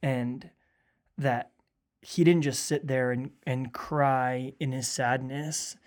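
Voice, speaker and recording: A man who is a pastor and is grieving, talking earnestly in a conversational podcast, sometimes dropping to a hushed voice to quote others. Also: mid-range voice, steady tone, takes it slowly.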